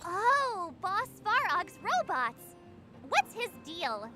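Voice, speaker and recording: A chirpy young female companion teases in a very high voice. She speaks slowly with a bouncy, widely swinging pitch. It is video game voice acting. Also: big pitch swings, over loud music, heavily acted. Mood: teasing. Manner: teasing, chirpy.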